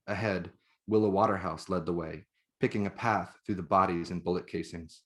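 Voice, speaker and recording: A man, the author, reading his own novel aloud in measured, even narration. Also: deep voice.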